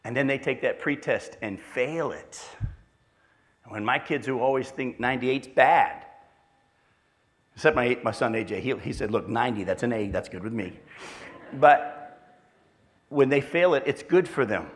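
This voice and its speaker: A man's voice: medium pitch, measured pace, long pauses. A middle-aged man preaching a sermon as pastor, telling family stories with self-deprecating humor.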